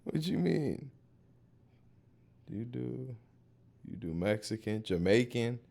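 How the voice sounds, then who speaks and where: A man's voice: medium pitch, animated, takes it slowly, vocal fry, dark tone. A man streaming live, reacting to videos in loose, profane, laughing chat.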